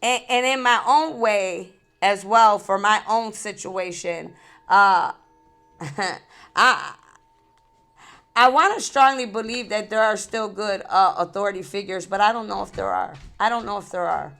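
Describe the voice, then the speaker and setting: Bright gravelly woman vlogger. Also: medium pitch, a little slow, soft background music. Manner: laughs between thoughts, repeats phrases. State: tearful, angry. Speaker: spiritual channel host. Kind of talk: emotional direct-to-camera vlog.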